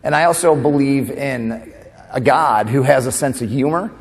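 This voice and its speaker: A man's voice: mid-range voice, moderate pace. Chatty male keynote speaker in a big hall. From New York. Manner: conversational, asks the audience questions, tag "right?". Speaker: motivational speaker. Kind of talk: humorous motivational keynote. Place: large conference hall. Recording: long reverb of a conference hall.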